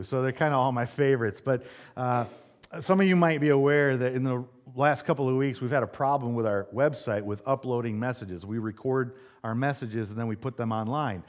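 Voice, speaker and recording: Guy pastor preaching to his church, chatty storytelling sermon, mid pitch. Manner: conversational preaching, storytelling, rises in pitch when animated.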